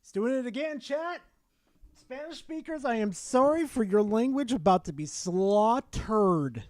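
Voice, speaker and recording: A man's voice: extremely high pitch, lively intonation, measured pace, dry recording. Blunt, mocking streamer man, dry sound. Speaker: streamer reacting to a video. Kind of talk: profane reaction commentary.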